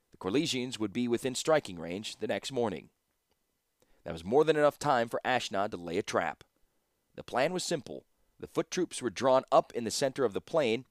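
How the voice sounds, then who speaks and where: A man narrating an audiobook in a measured, steady storytelling manner. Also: mid-range voice, no echo, clean studio sound.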